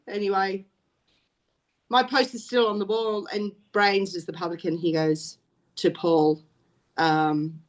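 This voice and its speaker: A woman's voice: mid-range voice, little pitch movement, slow pace, pauses often. A middle-aged woman with an Australian accent, a guest in an interview, rambling through stories with restarts. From Wales. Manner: rambling and chatty, with frequent restarts and laughs. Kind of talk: casual storytelling chat.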